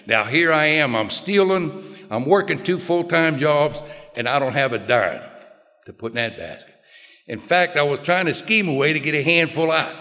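An older man telling a plainspoken personal recovery story to a group, in a folksy way with quiet low asides. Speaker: recovery speaker. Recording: long hall reverb.

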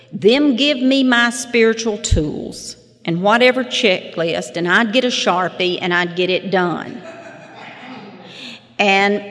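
A woman in her fifties sharing her personal story at a recovery meeting, folksy and self-deprecating, with chuckling asides. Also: medium pitch. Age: 50s. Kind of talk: personal testimony with humorous storytelling. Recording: long hall reverb.

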